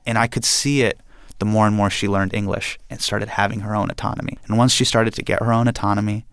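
A young man from India telling a personal story in a lively, animated way, acting out the quotes. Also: fairly low pitch, quick pace, dry recording, clean studio sound.

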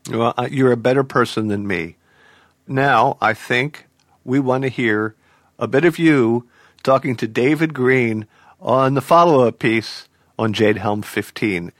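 A man's voice: mid-range voice, a little slow, dry recording. A man hosting a radio show, interviewing a guest in a playful, articulate way, then reading the show credits. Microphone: studio microphone. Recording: dry studio sound with faint music.

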